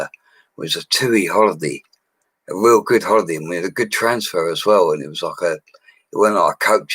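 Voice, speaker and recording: An Englishman in his forties chats on a live stream in a rambling, slangy way. His voice sits very low. It is recorded close and dry on a mic. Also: a bit bright, husky, no echo, poor audio. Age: 40s. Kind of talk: casual live-stream chat.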